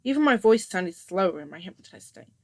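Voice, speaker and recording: A woman narrating a first-person story in a steady, scripted reading voice. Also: fairly low pitch, fairly quick, no room sound.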